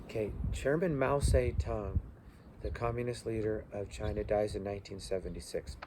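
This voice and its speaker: A man's voice: medium pitch, warm tone, slight background noise. A male teacher giving a loose review lecture full of fillers, stopping to spell out terms letter by letter. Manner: loose, halting delivery with many fillers.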